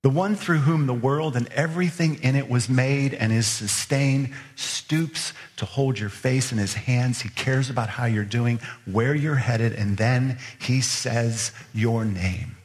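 A man's voice: medium pitch, unhurried, few pauses. A man preaching a sermon as pastor, earnestly pressing his listeners with repeated questions. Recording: long reverb of a large hall.

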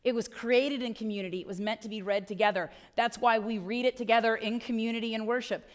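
A middle-aged woman delivers a sermon in a high voice. She is chatty and wry, pressing her points with emphasis and tag questions. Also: steady tone, fast talker. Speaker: pastor.

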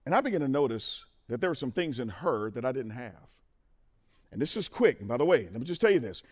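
A middle-aged man giving a testimony sermon at a men's conference, talking straight to the crowd and moving from quiet to loud. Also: fairly high pitch, moderate pace. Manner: animated, talks to the crowd, swings from quiet to loud. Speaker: conference speaker.

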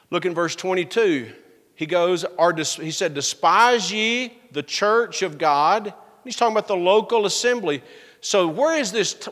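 A man preaching from the pulpit, his voice pitched high for a man. He slows down and leans hard on the words when he reads scripture aloud. The sound carries a long reverb from the church sanctuary around him. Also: fairly bright tone. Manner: drawn-out emphatic scripture reading. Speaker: pastor. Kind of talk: sermon.

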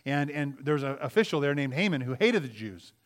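A man's voice: medium pitch, big pitch swings. A man preaching a sermon, talking in a loose, conversational way with frequent restarts, and reading scripture aloud. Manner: conversational, halting, with many restarts, rising to loud emphasis. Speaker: pastor.

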